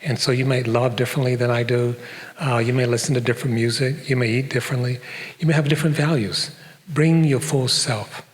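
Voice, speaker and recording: A man's voice: medium pitch, steady tone, a little fast. An older man from Detroit giving a conversational public talk as a professor, with frequent fillers and asides. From Detroit, USA. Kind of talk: lecture to a live audience. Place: performing arts center stage. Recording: long hall reverb.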